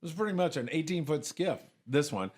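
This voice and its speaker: A middle-aged man casually telling lively anecdotes, often acting out other people's voices. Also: on the high side, brisk. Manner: animated anecdotes, acts out voices. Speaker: guest. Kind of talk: casual storytelling.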